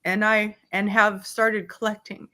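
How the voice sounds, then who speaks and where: A woman's voice: mid-range voice, level tone, unhurried, sharp tone. A woman hosting an online book club, reading a memoir aloud and chatting in a heartfelt way. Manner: heartfelt, breaks off to apologize.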